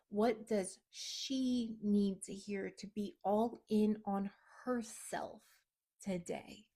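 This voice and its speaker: A woman business coach talking straight to camera, blunt and emphatic, swearing freely. She swings between loud, punchy lines and low, near-whispered asides. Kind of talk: direct-to-camera coaching talk.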